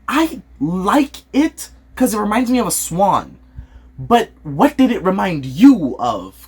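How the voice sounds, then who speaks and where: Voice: medium pitch, husky. A vlogger giving casual, jokey commentary on red carpet fashion, rambling and self-mocking.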